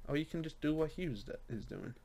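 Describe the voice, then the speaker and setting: A man's voice: on the high side, expressive, brisk, vocal fry, dark tone. A man chatting casually with friends as they play a game, laughing often, exclaiming and teasing. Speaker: gamer playing with friends. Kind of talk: casual gaming chat.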